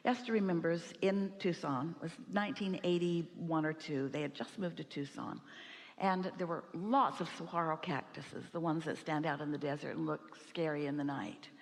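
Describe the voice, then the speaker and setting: A woman's voice: deep voice, steady tone, moderate pace, gravelly. A woman giving an inspirational talk to a seminar audience, speaking as a collective "we" in an emphatic, rhetorical way. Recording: hall reverb, live event.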